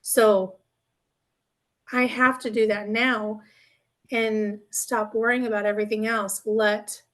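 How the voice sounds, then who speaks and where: A woman's voice: medium pitch, level tone, takes it slowly, a bit bright. A woman co-hosting a podcast in casual chat, rambling and earnest, often checking in with "right?". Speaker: podcast co-host.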